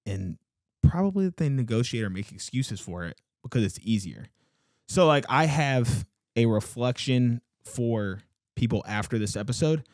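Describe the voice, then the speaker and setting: Recorded with clean studio sound and no room sound, a man co-hosting a podcast talks earnestly in casual chat. His mid-range, slightly mellow voice is expressive at a moderate pace, and he leans on fillers and emphatic turns.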